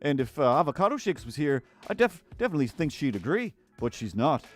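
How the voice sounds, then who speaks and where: A man's voice: a little high, sing-song, fast, faint music behind. A man doing a cheery, laid-back Canadian guy with a sing-song Canadian accent who keeps adding eh. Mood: breezy. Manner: sing-song, tags lines with eh. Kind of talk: live-stream banter.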